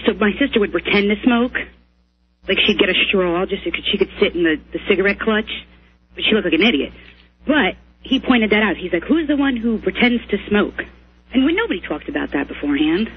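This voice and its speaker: Woman, radio caller, chatty, husky, animated pitch, muffled audio. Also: brisk. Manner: chatty, storytelling. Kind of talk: phone-in call. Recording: dull lo-fi radio call.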